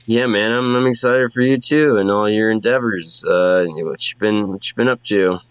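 A man's voice: lowish voice, moderate pace, clean tone, no room sound, lightly acted. A man voicing a laid-back young adult brother who rambles casually in slang. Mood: rambling.

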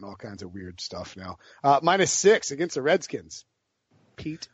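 A man hosting a casual sports betting podcast, talking in an excitable, gushing way. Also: on the high side, measured pace, no room sound. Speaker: podcast host. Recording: dry, slightly muffled podcast audio.

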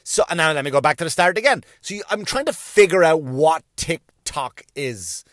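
A middle-aged Irish man telling stand-up stories, swearing freely and stumbling over his own restarts. His voice sits a touch high for a man. The sound is close and dry, with no room around it. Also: expressive, normal speed, a bit bright, dry recording. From Ireland. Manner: rambling, profane, self-mocking, many restarts. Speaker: stand-up comedian. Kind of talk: stand-up comedy routine.

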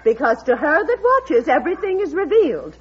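A woman's voice: sits high, sing-song, a little fast. An actress playing a fussy, nosy older woman neighbor who keeps quoting old sayings, in a 1950s radio drama. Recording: dull lo-fi old radio recording.

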